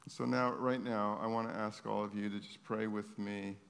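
A man leading a congregation in prayer as a pastor, pleading and repetitive, swelling to urgent cries and dropping to hushed words. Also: on the low side, steady tone, normal speed, creaky. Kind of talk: sermon prayer. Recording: long hall reverb with guitar music. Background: soft guitar playing.

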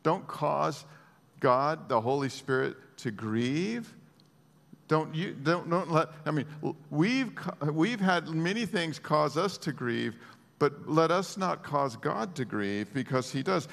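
A man preaching a sermon as a pastor, earnest and emotional, moving between hushed and raised speech. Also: a little high, expressive, takes it slowly, vocal fry, in a large hall.

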